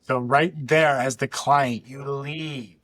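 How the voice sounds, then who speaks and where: A man's voice: medium pitch, steady tone, slow, fairly bright tone, no echo. A man co-hosting a dog training reaction show, talking bluntly and with heated exasperation. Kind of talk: reaction commentary.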